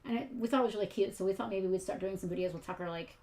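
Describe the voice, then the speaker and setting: A woman's voice: mid-range voice, racing, mellow. A woman co-hosting a casual chat show about toys, with a chatty, playful manner. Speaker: co-host.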